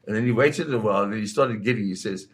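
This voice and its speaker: A man from Zimbabwe, a photographer guest, telling anecdotes in a lively raconteur's way and acting out the voices of people in his stories. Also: lowish voice, quick pace. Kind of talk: anecdotal storytelling.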